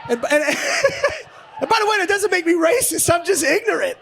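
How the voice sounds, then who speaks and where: A man doing stand-up comedy on a club stage, ranting profanely and shouting punchlines. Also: very high-pitched, big pitch swings, normal speed, gravelly, crowd noise. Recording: live comedy club, noisy audience.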